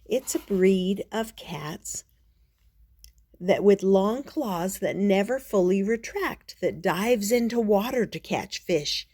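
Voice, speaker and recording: An older woman as a storytelling grandmother, reading a children's picture book aloud in an unhurried, expressive way with playful asides. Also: mid-range voice.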